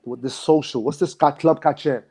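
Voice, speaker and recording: A man's voice: fairly high pitch, fairly even intonation, moderate pace, dark tone, slightly rough. A man, a dance instructor, recalling his past in a reflective, emotional way and often restarting his sentences. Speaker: guest. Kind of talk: casual conversation.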